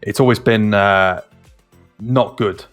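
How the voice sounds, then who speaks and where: A man with a low voice shares his views on a casual gaming podcast. He talks hesitantly, restarting his sentences often. Faint music plays underneath. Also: slow, fairly bright tone. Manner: hesitant, many restarts and ums.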